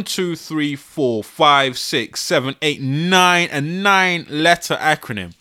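Young male podcast host, bright voice, animated and exasperated, laughs often. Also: a little high, takes it slowly, hardly any pauses, clear, resonant tone. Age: 20s. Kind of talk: casual solo podcast. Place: his bedroom.

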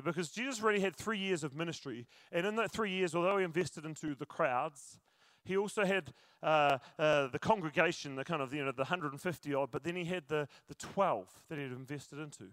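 Preaching to a congregation, this pastor has a high, bright voice and a playful, conversational style, repeatedly speaking directly to the people in front of him. It's a close, dry recording of a church sermon with no room echo.

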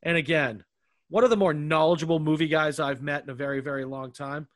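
A man's voice: a little high, fairly even intonation, brisk, fairly bright tone, dry recording, clean studio sound. A man hosting a casual podcast chat with friends, rambling and stammering through restarts, a little tipsy. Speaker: podcast host.

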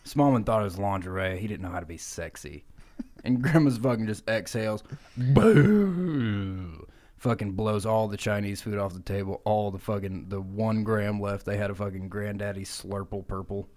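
Man, podcast co-host, fairly low voice, loose profane comic storytelling. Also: fairly even intonation, a little fast, a little mellow. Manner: loose, profane, laughing delivery.

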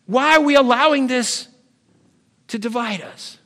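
A man with a high voice delivers a sermon, building to emphatic swells and then dropping low. He sounds middle-aged and speaks like a pastor reading scripture to his congregation. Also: measured pace, long pauses, fairly bright tone.

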